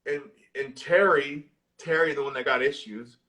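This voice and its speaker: A man co-hosting a casual horror movie chat, retelling scenes excitedly and swearing constantly. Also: mid-range voice, moderate pace. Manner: excitable, profane, storytelling with lots of swearing. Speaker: horror movie discussion co-host. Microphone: live social video stream.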